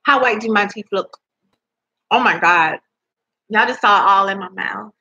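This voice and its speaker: Young woman vlogger at home, casual and rambling, bright husky voice, dull laptop mic. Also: medium pitch, moderate pace. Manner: chatty, rambling, eating while talking, swearing in disbelief. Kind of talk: casual chat to camera. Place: at home indoors. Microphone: laptop microphone.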